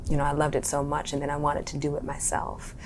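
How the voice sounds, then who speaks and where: A woman's voice: deep voice, monotone, fast talker, a little hiss or hum. A young woman from Harlem, an actor and writer, talking in a thoughtful, searching way as an interview guest and often restarting her phrases. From Harlem, New York. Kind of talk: reflective interview talk.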